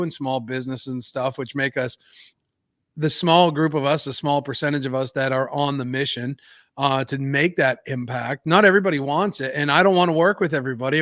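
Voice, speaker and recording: A man's voice: mid-range voice, a bit bright, no echo, studio quality. An American man co-hosting a podcast, talking in an earnest, emphatic, somewhat preachy way. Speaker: podcast co-host. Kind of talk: casual podcast talk.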